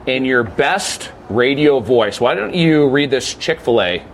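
A young man hosting a sports podcast, with a voice of ordinary middle pitch. He keeps things chatty and upbeat, and a faint noise sits under the recording. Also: expressive, unhurried. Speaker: podcast host. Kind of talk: casual hosted sports podcast.

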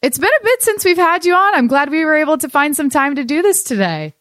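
A woman's voice: high-pitched, sing-song, fast, a bit bright, dry recording, clean studio sound. A woman hosting an interview show with a welcoming manner. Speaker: show host.

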